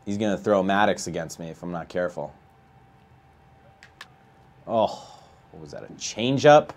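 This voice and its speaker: A man playing a baseball video game live, chatting with viewers and ranting with a voice that climbs high when he gets outraged. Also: animated, moderate pace. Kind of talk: live gameplay commentary and chat.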